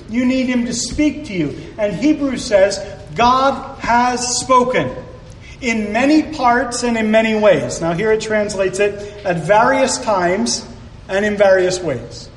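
A man's voice: high voice, a little hiss or hum. A male preacher giving a sermon in a conversational way, with jokey asides. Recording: echoey hall from far off, faint ambience.

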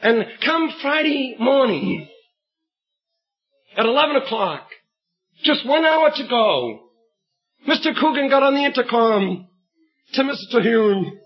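A man preaching a sermon, telling an illustrative story and reading scripture with emphatic storytelling and bursts of shouted emphasis, on a dull lo-fi recording. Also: very high voice, animated, measured pace, pauses often, breathy edge.

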